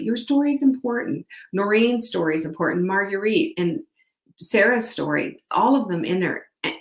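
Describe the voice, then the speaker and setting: A woman's voice: medium pitch, reverberant. A woman hosting a live show, coaching her viewers in an upbeat, direct way. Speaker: host. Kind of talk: motivational live show talk.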